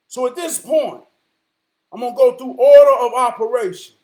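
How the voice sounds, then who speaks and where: Speaking straight to camera, a middle-aged male vlogger with a high-pitched voice tells a story in a loose, casual monologue at normal speed. He shifts between loud, emphatic declarations and quiet, thoughtful asides.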